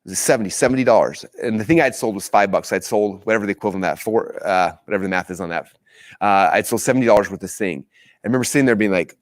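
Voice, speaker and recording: A man hosting a course, telling a personal story with excitement and acting out his own past lines. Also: mid-range voice, rapid-fire, dry recording. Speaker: course host. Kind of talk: animated storytelling.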